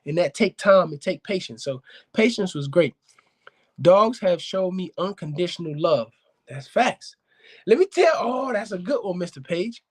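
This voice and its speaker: A man hosting a casual live-stream chat about his dogs, animated and preachy, often calling out to viewers. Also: high-pitched, moderate pace, husky. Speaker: dog kennel owner hosting a live talk show.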